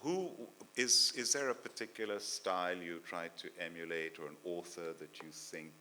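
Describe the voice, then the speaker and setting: Man, very deep voice, sharp tone, faint hum behind, Q&A host. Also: normal speed. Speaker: event host. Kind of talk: moderating a book launch Q&A.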